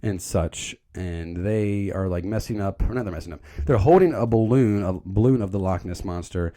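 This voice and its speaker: A man's voice: low voice, normal speed, mellow. A young man giving a casual, joking movie recap, rambling and stumbling over his words. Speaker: video creator recapping a movie.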